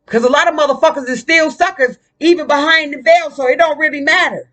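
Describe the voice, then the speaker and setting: Sitting high and moving fairly quickly, a woman vlogger's bright, tense voice drives a casual ranting monologue. Her manner is blunt, combative and profane.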